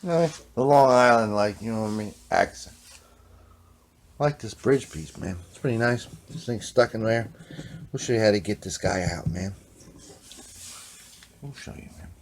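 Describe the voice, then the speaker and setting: A man hosting a casual workshop vlog in a laid-back, rambling voice. He tacks "man" onto nearly every sentence and sometimes sinks into quiet muttered whispers. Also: fairly low pitch, moderate pace, a little hiss or hum. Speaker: vlog host, guitar repairer.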